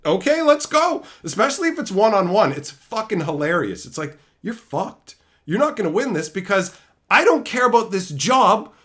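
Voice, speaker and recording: With a high voice at a moderate pace, a man tells brash, profane stories in a casual stream chat, animated throughout.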